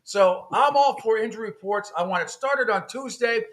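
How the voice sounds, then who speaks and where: Male sports radio host, slightly high voice, opinionated, chatty. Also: moderate pace, fairly bright tone. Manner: opinionated, conversational, laughs often. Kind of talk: casual sports radio talk.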